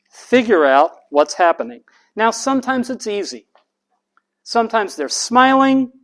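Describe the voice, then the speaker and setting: An university lecturer teaching a class in a classroom. The voice is pitched up on purpose to carry across the room, and the pace is slow and emphatic, leaning on key terms. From United States.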